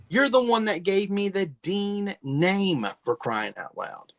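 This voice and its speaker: A man's voice: high-pitched, very animated, slow, fairly bright tone. A man on a podcast roundtable, delivering a brash, combative rant in the style of a wrestling promo. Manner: brash, combative, mock-heel bravado.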